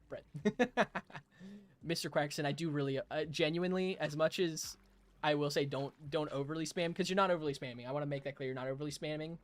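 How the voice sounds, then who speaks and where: A man's voice: on the high side, a bit bright. A young man streaming a game, chatting casually with his live chat, playful, rambling and laughing often.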